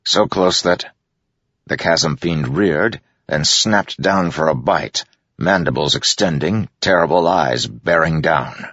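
A man's voice: extremely low pitch, slow, fairly bright tone, dry recording, dull audio. A man giving a tense, dramatic audiobook narration of a fantasy action scene.

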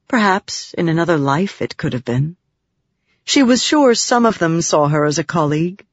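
A woman narrates an audiobook with expressive storytelling. Her low voice rises and falls freely. The recording is dry with a slightly dull tone. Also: normal speed, no room sound. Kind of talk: scripted narration.

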